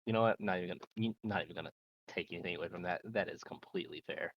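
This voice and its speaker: A deep-voiced man talks through his moves in a tabletop game, eager and rambling. His voice comes through a dull, lo-fi mic with a faint hum behind it. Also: rapid-fire. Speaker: player. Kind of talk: tabletop role-play.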